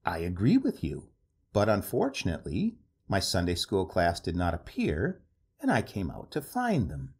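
A man voicing a stiff, pompous male clergyman in a storybook reading, raising his pitch in severe indignation, with a husky tone. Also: wildly swooping pitch, moderate pace, a little mellow, full character voice.

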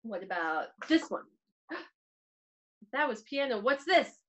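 High, lively-voiced woman teaching preschoolers. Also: a little slow, lo-fi sound. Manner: sing-song, playfully exaggerated questions. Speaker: pre-K piano teacher. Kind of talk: virtual music class for young children.

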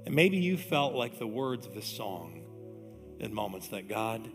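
A man's voice: mid-range voice, sing-song, unhurried. A pastor in his forties giving a casual, conversational sermon, often dropping in "man". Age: 40s. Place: church sanctuary. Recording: long hall reverb, music behind.

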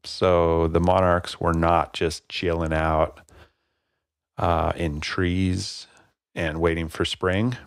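Laid back podcast guy, deep voice, dry close sound, lots of ums. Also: slow, clean tone, dry recording. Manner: relaxed, rambling, many fillers. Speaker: podcast host. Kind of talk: casual solo podcast talk.

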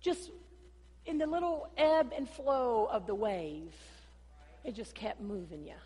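A woman's voice: a little high, unhurried, a little mellow, husky. Woman pastor preaching with long hall reverb. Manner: preaching with dramatic rises and drops, acting out dialogue. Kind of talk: sermon. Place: church sanctuary.

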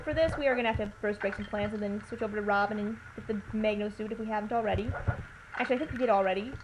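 A woman talks through a video game in a loose, chatty way, tossing out playful jokes as she goes. Her voice sits a little high. A steady hiss of background noise runs under the recording. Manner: playful, chatty, joking asides. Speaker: let's play commentator. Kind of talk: casual gameplay commentary. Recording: noisy home recording with hiss.

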